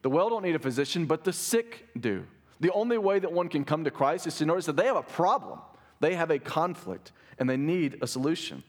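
A man's voice: fairly high pitch, expressive, fairly quick. Guy preaching in church, earnest and chatty, keeps asking the room "right?". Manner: earnest, conversational, asks listeners "right?". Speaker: pastor. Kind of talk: conversational sermon.

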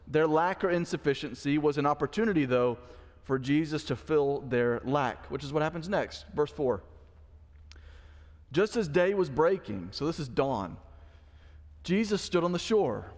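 A pastor giving a conversational sermon in church, acting out the quoted lines of the story he is teaching. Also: on the high side. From Mississippi. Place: church sanctuary. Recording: long church hall reverb.

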